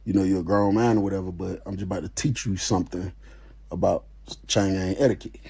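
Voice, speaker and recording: A man telling a story in a casual, animated way, full of slang and swearing. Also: deep voice, fairly quick, husky.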